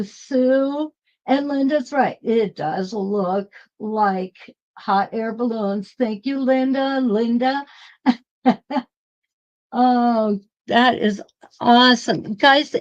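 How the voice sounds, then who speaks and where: In a muffled recording, a quilting instructor with a fairly high-pitched voice leads a live-streamed demo. She's middle-aged and chatty, talking with online viewers while she works and occasionally laughing.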